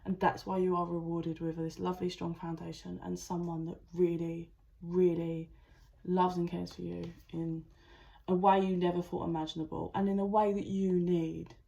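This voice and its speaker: A woman's voice: on the low side, moderate pace, vocal fry, muffled recording. Chatty tarot-reading woman. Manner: chatty, animated, full of "like" and restarts. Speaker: tarot reader. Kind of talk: channeled tarot reading to camera.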